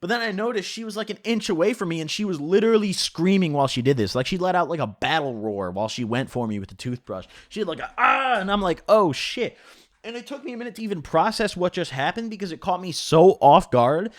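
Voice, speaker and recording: Animated swearing guy telling a story. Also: high-pitched, fast talker, few pauses, dry recording, studio quality. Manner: animated, heavy swearing and filler "like". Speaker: storytelling vlogger. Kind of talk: casual storytelling vlog.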